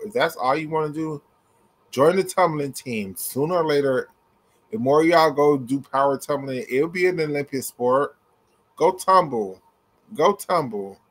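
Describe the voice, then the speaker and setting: A young man ranting heatedly in a commentary vlog, blunt and profane, hammering his points through repetition. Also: mid-range voice. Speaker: gymnastics commentator.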